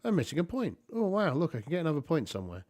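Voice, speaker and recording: A man playing a tabletop game solo and thinking aloud, halting and muttering as he counts points. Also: on the high side, huge pitch swings, a little mellow, no echo, studio quality. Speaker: solo tabletop player and narrator.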